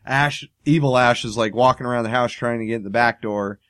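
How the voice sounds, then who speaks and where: A man's voice: mid-range voice, fairly quick. A man chatting casually, retelling a film scene by scene, swearing freely and acting out the characters' lines. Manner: animated, swearing storyteller who acts out lines.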